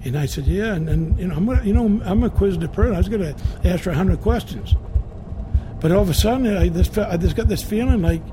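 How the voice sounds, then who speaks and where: A man telling a first-person ghost story in a rambling, halting way, full of restarts and repeated words. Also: sits high, animated, noisy background.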